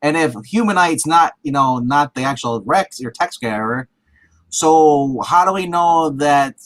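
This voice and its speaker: A man's voice: on the high side, a little slow. A man in casual chat as a co-host, talking hesitantly and restarting his sentences often.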